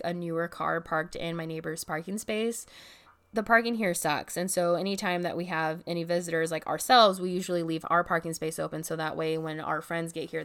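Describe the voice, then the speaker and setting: A woman's voice: on the low side, fairly bright tone. A woman casually telling a story from her apartment, chatty, dropping "like" constantly and swearing now and then. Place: home apartment.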